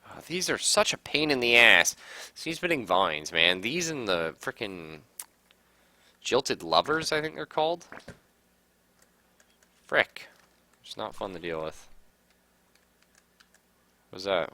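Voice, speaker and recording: A man's voice: sits low, big pitch swings, unhurried, pauses often, pushed and bright, dry recording. A man casually commenting on a game he is playing, reading its text aloud and reacting with sudden outbursts and swearing. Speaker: gaming streamer. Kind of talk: casual let's-play commentary.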